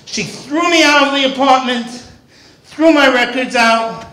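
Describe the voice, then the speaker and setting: A man delivers a wisecracking stand-up set from a comedy club stage. His voice sits unusually high, and his pitch moves in lively swings. The room is echoey. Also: a little slow.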